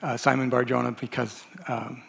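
A man's voice: mid-range voice, little pitch movement, normal speed, vocal fry, breathy edge. A man teaching a Bible lesson, talking loosely with many fillers and restarts as he reads and explains. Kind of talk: lecture on a gospel. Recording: long hall reverb.

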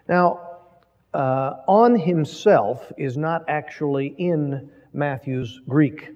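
A man preaching an expository sermon, reading scripture in a measured, emphatic way. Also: mid-range voice. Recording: lo-fi, long reverb from a hall.

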